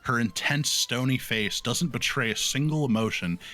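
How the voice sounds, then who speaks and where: A man narrating as game master of a tabletop game, playful and animated. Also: mid-range voice, normal speed.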